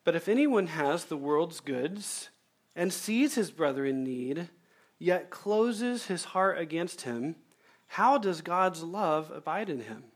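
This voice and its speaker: A male pastor preaching a sermon, emphatic and measured, repeating key phrases and slowing down to stress them. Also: fairly high pitch, lively intonation.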